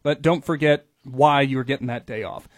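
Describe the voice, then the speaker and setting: A man's voice: medium pitch, moderate pace, no echo. A man hosting a radio morning show, chatting in an easygoing, upbeat way. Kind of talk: casual radio chat. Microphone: studio microphone.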